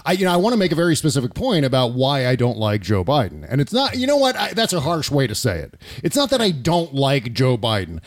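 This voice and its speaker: Joking talk-radio host, lively pitch. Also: male voice. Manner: joking, laughs often, quick asides. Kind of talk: casual comedic talk radio chat.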